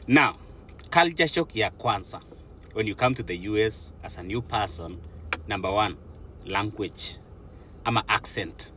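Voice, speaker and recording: A man's voice: lowish voice, fairly bright tone, a little hiss or hum. A young Kenyan man with a Kenyan accent, talking casually to his viewers and mixing English with Swahili as he goes. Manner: mixes English with Swahili, chatty and laughing. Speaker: vlogger. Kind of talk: casual talk to camera.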